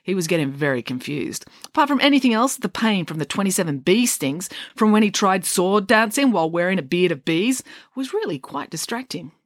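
A woman reading a children's bedtime story with playful, deadpan humour. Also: mid-range voice, fairly quick, dry recording, clean studio sound.

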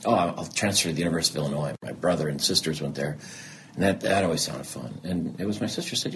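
A middle-aged male TV news anchor with a bass voice talks quickly as an interview guest, with a little hiss or hum behind him. He tells candid personal stories in an animated way, acting out both sides of old conversations.

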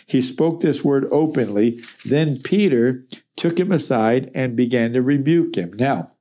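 A man with a mellow, warm voice leads a Bible study. He reads a passage aloud and then explains it in a plain, earnest way. His voice sits at an ordinary pitch for a man. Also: animated, a little slow. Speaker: Bible teacher. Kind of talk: verse-by-verse Bible teaching.

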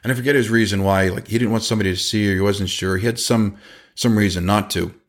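A man in his forties hosting a casual podcast, giving advice with quick asides and a storyteller's energy. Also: on the low side, fairly even intonation. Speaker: podcast host and business owner.

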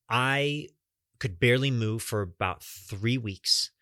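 A man's voice: mid-range voice, slow pace, pushed and bright, dry recording, studio quality. A young man hosting a podcast, earnestly telling a personal story straight to his listeners and swearing casually. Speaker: podcast host.

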